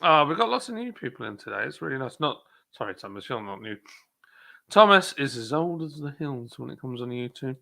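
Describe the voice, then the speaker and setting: Bloke chatting on a livestream, gravelly and bright, rambly, laughs at himself, lots of ums. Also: male voice, medium pitch, sing-song, fairly quick. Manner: chatty, self-deprecating, rambling with many fillers. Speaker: brewery livestream host. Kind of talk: casual live chat reading comments.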